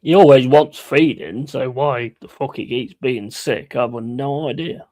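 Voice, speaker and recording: Bloke rambling on stream, swears a lot, mid voice, dry close mic. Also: male voice, mid-range voice, a little slow, darkish tone, no echo. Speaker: live streamer. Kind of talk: casual chat on a live stream.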